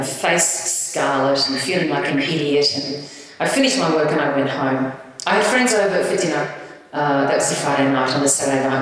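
Aussie woman low voice telling stories at a live event, roomy hall, distant mic. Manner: animated anecdotal storytelling with laughs. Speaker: author and guest speaker. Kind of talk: live stage conversation, storytelling. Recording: echoey hall from far off.

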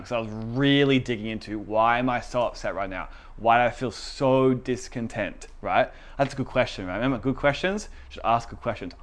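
A man's voice: medium pitch, a bit bright. A young man, telling personal stories in a casual chat and laughing often. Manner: chatty, self-deprecating storytelling. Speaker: podcast co-host.

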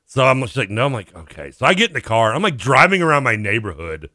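A man's voice: mid-range voice, very animated, fast talker, sharp tone, dry recording, clean studio sound. A man co-hosting a radio sports talk show, telling a long funny story in casual chat, acting out the voices he quotes and laughing often. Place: radio studio. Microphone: studio microphone.

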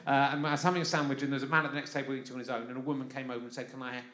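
Racing along in a mid-range, slightly bright voice with a level tone, a man from London hosts a live comic podcast. He addresses a festival audience in a chatty, wandering monologue punctuated by laughter, and the venue sounds roomy.

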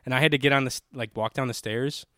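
A man's voice: medium pitch, fairly even intonation, fast talker, fairly bright tone, clear, resonant tone, no echo, clean studio sound. A man in casual chat, rambling and swearing with lots of filler words. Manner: loose, swears a lot, rambling with many "like"s.

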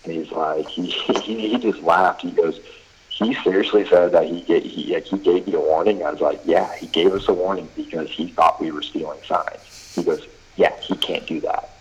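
A man's voice: deep voice, steady tone, moderate pace, breathy edge, muffled recording. A man who coaches college baseball, chatting casually on a podcast and telling rambling stories full of fillers and quoted back-and-forth. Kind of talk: casual podcast chat, storytelling.

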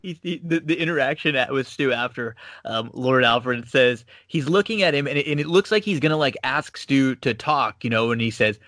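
A man's voice: mid-range voice, normal speed, few pauses, a bit bright, no room sound, studio quality. A man in casual conversation who trails off and restarts his sentences often. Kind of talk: casual chat.

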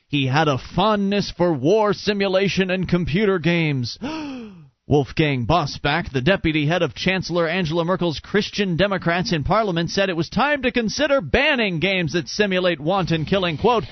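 A man's voice: high voice, lively intonation, normal speed, dry recording. A man hosting a call-in talk radio show, with wry, joking asides. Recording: dull, muffled radio broadcast.

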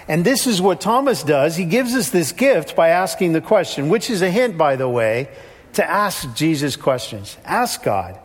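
A man's voice: high-pitched, lively intonation, moderate pace, slightly rough. A pastor delivering a sermon in a conversational way, now and then acting out the people he quotes. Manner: conversational, acts out quoted voices. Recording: long hall reverb.

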